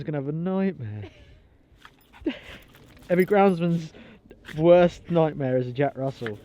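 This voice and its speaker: A man talks casually to his camera while out walking outdoors. His voice sits slightly high, and he is chatty and quick to laugh. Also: dull audio, slight background noise. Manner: chatty, laughs often, excitable with the dog. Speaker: outdoor vlogger. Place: outdoors in a park and golf course.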